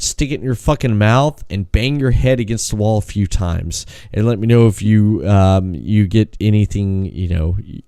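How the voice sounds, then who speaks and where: Man, podcast co-host; animated profane rants, dry close-miked sound. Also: lowish voice, smooth, dry recording. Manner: profane animated ranting, acts out quotes in a raised voice. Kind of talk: casual podcast chat.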